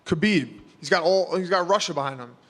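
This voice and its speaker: New guy rambling thru interview answers, kinda high voice, lots of you-knows, reverby room. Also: brisk, a bit bright. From New York. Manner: casual, rambling, lots of fillers. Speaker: fighter.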